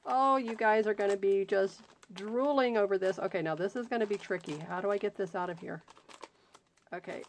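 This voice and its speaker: A woman hosting a crafting video, casually chatting as she unboxes gifts and gushes over each one. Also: medium pitch. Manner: gushing, exclaims often, slow drawn-out delight. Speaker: crafting channel host. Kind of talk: unboxing happy mail, casual chat.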